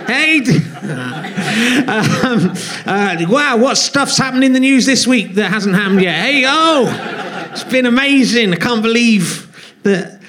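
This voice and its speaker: A man's voice: very high voice, expressive, slow pace, a bit bright, a little hiss or hum. A man hosting a comedy podcast live on a theatre stage, joking and rambling in a self-mocking way.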